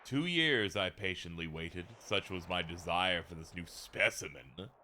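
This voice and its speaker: A man's voice: low-pitched, expressive, measured pace, pushed and bright, a little hiss or hum, pitched below the performer's own voice, exaggerated voice. A man voicing a sly, creepy male scientist who gloats and taunts, reading game dialogue aloud. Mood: gloating. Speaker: let's play streamer reading dialogue.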